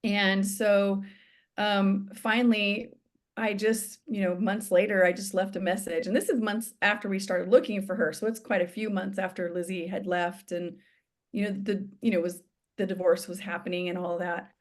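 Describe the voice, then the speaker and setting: A woman in an interview, recounting events at an ordinary pitch. She talks it through step by step and leans into the lines she quotes, acting out each voice as she retells it. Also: little pitch movement, normal speed. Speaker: guest. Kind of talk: storytelling in an interview.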